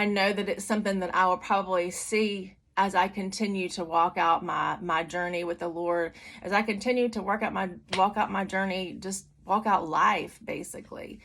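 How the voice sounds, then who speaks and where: A woman's voice: lowish voice, a bit bright. A middle-aged woman giving a personal church testimony, candid and conversational with many fillers and restarts. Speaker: testimony speaker.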